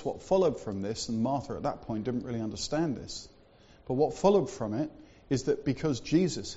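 A man preaching in a church with a mellow, dark voice, easygoing and conversational, full of little asides. The sound is a bit dull and lo-fi. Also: mid-range voice. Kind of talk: sermon.

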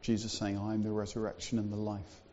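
A man's voice: fairly low pitch, monotone, fast talker, dark tone, muffled recording, a little hiss or hum. Man preaching a conversational church sermon. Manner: conversational preaching with frequent fillers and asides.

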